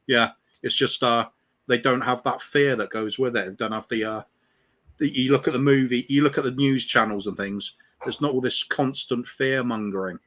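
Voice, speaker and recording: A man's voice: medium pitch, steady tone, moderate pace, fairly bright tone. A man in a casual chat, telling a story in a meandering way with hesitant fillers.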